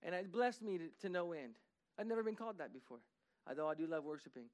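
A man with a notably high voice delivers a sermon in a church sanctuary. He talks earnestly and conversationally, his intensity climbing as he urges the congregation on. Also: animated, fast. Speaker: pastor.

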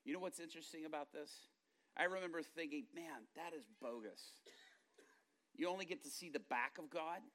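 A middle-aged man preaching a sermon, telling family stories and moving between hushed asides and loud, impassioned outbursts. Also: fairly high pitch, moderate pace. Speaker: pastor.

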